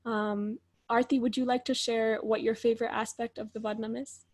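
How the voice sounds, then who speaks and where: A woman with a fairly high voice, moderating a panel discussion. Her speech is reflective and a little hesitant, with fillers between her thoughts. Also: flat delivery, moderate pace.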